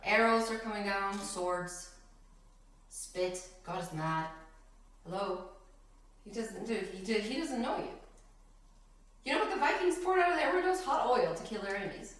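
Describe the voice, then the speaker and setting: Leading a chatty Bible study, this Bible teacher reads scripture and breaks into laughter between the lines as she explains them, in an animated way. Her mid-range voice moves at a moderate pace with long pauses. The mic sits far away in an echoey room.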